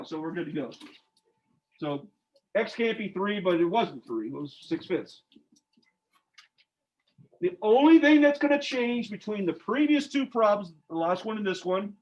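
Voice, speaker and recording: High-voiced guy teaching algebra in class, jokey, dull lo-fi sound. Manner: informal, joking, quizzes students. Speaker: math teacher.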